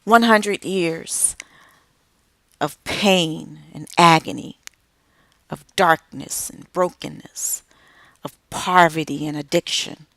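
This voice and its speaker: Middle-aged woman speaker, emphatic, lowish pitch, unhurried, dry recording. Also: a bit bright, no room sound. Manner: slow, emphatic delivery with dramatic pauses. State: tearful at moments. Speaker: author and speaker. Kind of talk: inspirational speech.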